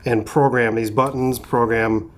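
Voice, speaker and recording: A young photographer from Minnesota, USA hosts a casual outdoor chat reviewing a lens at a rocky sunset spot, speaking into a compact shotgun mic on his camera. His mid-range voice is unhurried, relaxed and chatty, full of fillers like "like" and "um."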